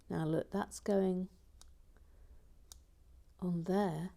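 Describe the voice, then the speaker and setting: Soft-spoken woman chatting while she builds. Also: lowish voice, animated, moderate pace, breathy edge. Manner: soft, often half-whispered, chatty. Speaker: host of a live building stream. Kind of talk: casual chat reading out viewer comments.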